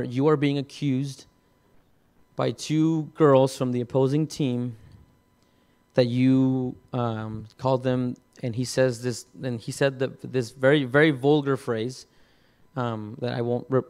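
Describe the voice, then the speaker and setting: A man preaching, telling a personal story in a halting way, with many repeated words and restarts. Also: medium pitch, a little mellow, smooth. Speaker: pastor. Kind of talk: sermon testimony.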